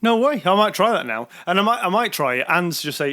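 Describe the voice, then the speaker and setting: A man's voice: a little high, lively intonation, fast, few pauses, sharp tone. A man with a Manchester accent co-hosting a podcast in casual chat. He muses aloud and repeats words as he works out his thoughts. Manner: musing, repeats words as he thinks. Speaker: podcast co-host.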